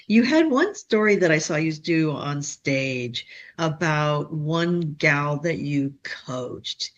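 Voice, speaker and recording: Rambling woman host, dull audio. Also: sits low. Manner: rambling, many fillers and restarts. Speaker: podcast host. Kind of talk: interview questions. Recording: dull, lo-fi sound.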